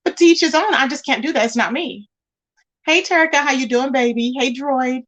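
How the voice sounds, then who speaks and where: Woman livestream host, high voice, chatty and emphatic, reads comments and greets viewers. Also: brisk, a bit bright. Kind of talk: casual livestream chat.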